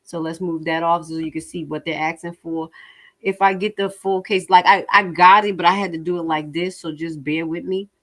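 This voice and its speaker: A woman giving casual livestream commentary, blunt and profane with animated asides. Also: lowish voice, moderate pace.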